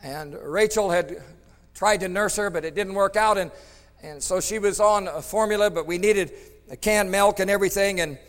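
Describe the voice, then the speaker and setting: A man preaching a storytelling sermon, swinging between loud emphatic bursts and hushed tones. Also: sits high, moderate pace, long reverb tail.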